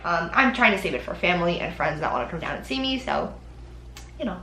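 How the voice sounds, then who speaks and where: This young adult woman vlogs about the Disney College Program in a relaxed, chatty way, full of "um" and "like." Her voice sits on the low side with a sing-song lilt, and she talks quickly. The sound is roomy, with noise in the background.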